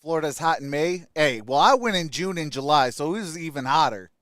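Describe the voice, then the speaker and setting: A young adult man from Michigan hosting a casual sports live stream, greeting chat viewers by name with upbeat shout-outs. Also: on the high side, animated, brisk, no room sound, studio quality.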